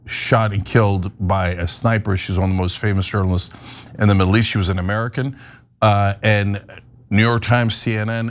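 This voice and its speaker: A man hosting an online political show, delivering heated, sarcastic commentary with emphatic indignation. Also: mid-range voice. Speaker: host.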